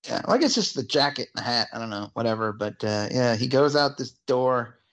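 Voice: mid-range voice, lively intonation, fairly quick. A speaker chatting casually about a film, meandering and second-guessing themselves.

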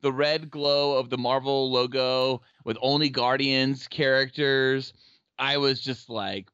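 A man co-hosting a casual podcast, easygoing and agreeable, and quick to laugh. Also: medium pitch, little pitch movement, fairly bright tone, smooth, no room sound, dull audio. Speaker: podcast co-host.

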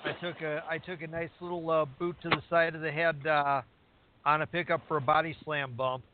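A man's voice: on the high side, level tone, fairly quick. A man co-hosting a wrestling talk show, chatting casually and rambling with many restarts and fillers. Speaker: podcast co-host recapping wrestling. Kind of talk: casual chat. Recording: tinny phone line with faint hiss.

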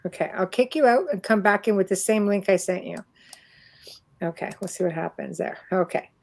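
A woman's voice: medium pitch, fairly quick, creaky, a little mellow. A middle-aged Canadian woman hosting a casual chat over a video call, talking freely and laughing often. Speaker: host.

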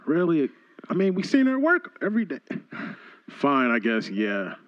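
Man with a lively, swinging voice in improv. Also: fairly high pitch, measured pace, no room sound. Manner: casual, swearing. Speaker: improv performer. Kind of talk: improv comedy scene. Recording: dull lo-fi sound.

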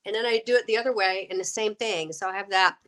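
A middle-aged woman, an actress getting over a cold, telling her story in a lively, animated way, acting out quoted voices and laughing often. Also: medium pitch, fast talker, a crowd in the background. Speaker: guest, actress and UFO experiencer.

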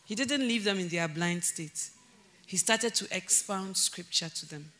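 A female pastor preaches at a measured pace, lively and often breaking into laughter. She alternates between shouting for emphasis and speaking in low, earnest tones.

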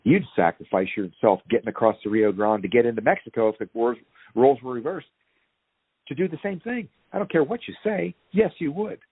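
A man's voice: medium pitch, a little fast, breathy edge, no room sound, phone-quality sound. A man speaking as an interview guest, fiery and ranting, his voice surging up on key points. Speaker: guest activist. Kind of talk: impassioned podcast interview.

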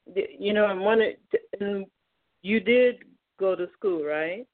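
A woman host and minister interviewing a guest on a faith talk show, affirming and asking slow-building questions. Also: mid-range voice, no echo. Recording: dry, tinny phone line.

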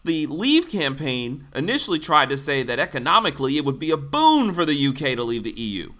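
Blunt, sarcastic American man with a bright voice. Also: fairly high pitch, very animated, a little fast. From United States. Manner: sarcastic, blunt, swears freely. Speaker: commentary host. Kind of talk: opinionated political commentary.

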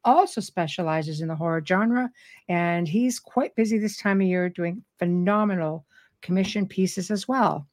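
A middle-aged woman hosting a live talk show, chatting casually with a robust, lively way of speaking and frequent laughter. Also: on the low side, moderate pace. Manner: robust, animated, laughs often. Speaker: radio show host.

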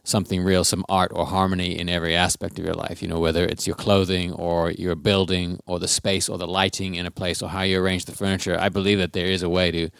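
Low-voiced man in dry podcast chat. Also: flat delivery, quick pace, gravelly, hardly any pauses, fairly bright tone, clean tone, no room sound. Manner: rambling, self-correcting. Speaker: podcast co-host. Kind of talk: casual chat.

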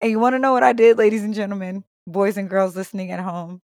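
Talking fast in a medium-pitched voice, a young podcast co-host spins a story full of swearing, laughter and acted-out quotes. The recording is dry and studio-clean, and her delivery is animated and casual.

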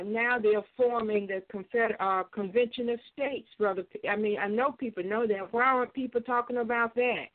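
Older woman calling in on a tinny phone line. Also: fairly high pitch. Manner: halting, many hesitations and restarts. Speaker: caller. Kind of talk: call-in radio commentary.

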